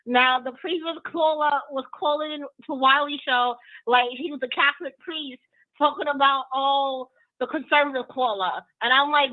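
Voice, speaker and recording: Woman, caller, high voice, chatty, rambling, tinny phone line. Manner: chatty, rambling, quick to laugh. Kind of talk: call-in commentary.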